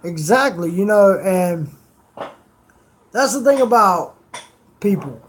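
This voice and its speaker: A man's voice: sits high, lively intonation, slow pace, a little hiss or hum. A man streamer telling rambling stories in casual chat, swearing freely.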